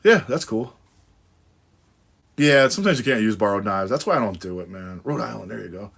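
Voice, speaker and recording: A man's voice: on the low side, animated, a little fast, vocal fry, a bit bright, husky. A man from New England hosting a casual livestream, chatting with viewers in a laid-back, profane, rambling way with lots of fillers and laughter. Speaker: livestream host. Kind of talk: casual livestream chat answering viewer comments.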